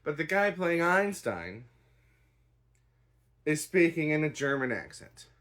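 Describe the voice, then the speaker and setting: A man's voice: a little high, sing-song, slow pace, fairly bright tone. Rambling, unimpressed man reviewing a play. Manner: rambling, hedging, dry and unimpressed. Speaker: theatre reviewer. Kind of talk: casual spoken review.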